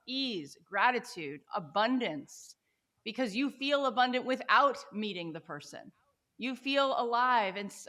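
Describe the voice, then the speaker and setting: A woman in her forties from the United States, a podcast guest telling personal stories in an animated, enthusiastic way and often checking in with "right?". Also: a little high. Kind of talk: conversational storytelling interview.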